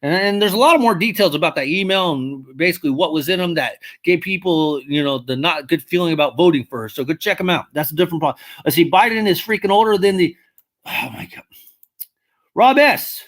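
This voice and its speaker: A livestream host casually answering viewers' comments, blunt and swearing, rambling and correcting themself as they think aloud, rising sharply in pitch when worked up. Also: lively intonation, quick pace, hardly any pauses.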